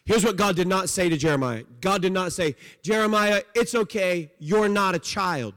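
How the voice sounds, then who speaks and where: A pastor preaching with a high-pitched voice that rings out over a long echo in the hall. He stresses some lines forcefully, then drops to low, quiet phrases. He preaches a sermon with steady emphasis. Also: moderate pace.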